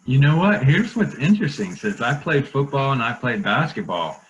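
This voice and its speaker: A man's voice: medium pitch, sing-song, normal speed, fairly bright tone, muffled recording. A man from Denver, Colorado, a guest on a video call, telling stories in a friendly, easygoing way. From Denver, Colorado, USA. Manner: friendly storyteller, easy laugh. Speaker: guest, nonprofit founder. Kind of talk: casual webinar interview.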